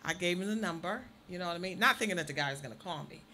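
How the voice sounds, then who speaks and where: A woman co-host chatting on a radio talk show, telling stories with big swoops in her voice. Her tone is bright and clear, over a faint background hiss. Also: on the low side, racing. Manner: animated, swooping storyteller. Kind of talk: casual radio talk, storytelling.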